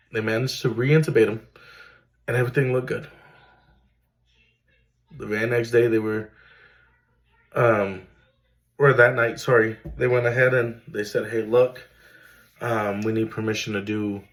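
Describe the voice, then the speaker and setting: A man's voice: mid-range voice, little pitch movement, unhurried, long pauses, fairly bright tone, poor audio. A man, earnestly telling his own emotional story as a father, with many fillers. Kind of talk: personal storytelling to camera.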